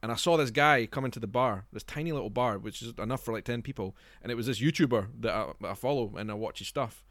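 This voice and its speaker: A man co-hosts a casual podcast. He rattles through his stories at a rapid clip, and the recording is dry and close, with no room sound. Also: mid-range voice, a bit bright, no room sound. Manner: quick, chatty storytelling. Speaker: podcast co-host. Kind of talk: casual chat.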